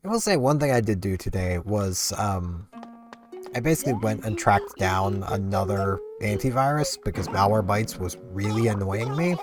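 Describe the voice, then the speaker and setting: A man's voice: on the low side, lively intonation, moderate pace, music in the background. A sleepy man rambling chattily through casual gameplay commentary. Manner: rambling, chatty, easily amused. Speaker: gaming channel host.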